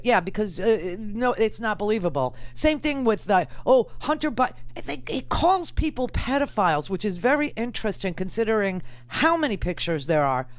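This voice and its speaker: A woman's voice: medium pitch, big pitch swings, moderate pace, hardly any pauses. A middle-aged woman hosting political talk radio, emphatic and indignant, repeating phrases for effect. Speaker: radio talk show host.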